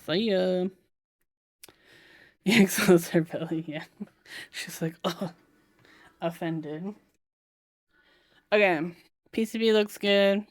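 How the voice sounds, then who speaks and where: A woman's voice: medium pitch, takes it slowly, long pauses, no room sound. A young woman chatting casually on a live stream while building a keyboard, giggling often and cooing to her cat.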